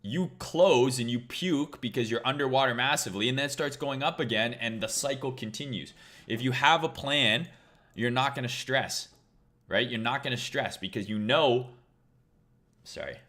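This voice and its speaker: A man's voice: medium pitch, moderate pace, fairly bright tone. A man hosting a trading livestream, talking casually in a blunt, profane, rambling way.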